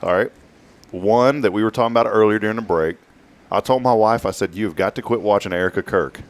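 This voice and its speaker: A man's voice: on the low side, fairly quick. A man hosting a morning talk show, chatting casually and jokingly, drawing out key words.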